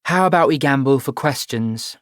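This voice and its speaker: A guarded, sharp-tongued teenage girl fires back sarcastic retorts in an audiobook, as a male reader puts her on. Her voice is raised above his own and pushed a little louder. The recording is dry and close. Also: mid-range voice, lively intonation, no echo, pitched above the performer's own voice, close to an everyday voice. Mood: defiant. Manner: defiant, sarcastic, quick retorts. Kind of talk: audiobook reading.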